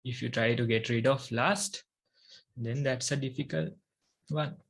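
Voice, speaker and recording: A Buddhist monk with a Sri Lankan accent, Sinhala his first language, giving a meditation talk in slow, measured phrases with long pauses. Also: mid-range voice, steady tone, husky.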